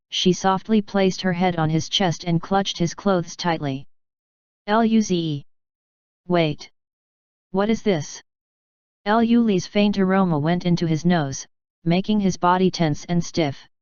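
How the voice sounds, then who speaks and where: A woman narrating a light novel audiobook with steady, even scripted narration. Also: lowish voice, unhurried, clean tone, dry recording, dull audio.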